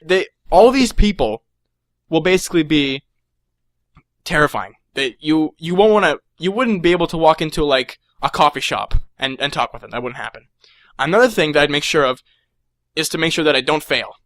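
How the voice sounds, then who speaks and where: A man's voice: a little high, moderate pace, no room sound. Stammering young man on a comic rant. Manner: excitable, stammering, acts out voices. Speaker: comedic storyteller. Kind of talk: rambling comedic rant.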